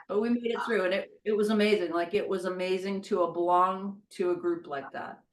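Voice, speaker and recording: A middle-aged woman recalling her college rugby days, telling stories in a relaxed, unhurried way. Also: lowish voice, poor audio. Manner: relaxed, unhurried storytelling, drops softer at line ends. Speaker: interview guest, former college rugby player. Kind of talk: casual reminiscing conversation.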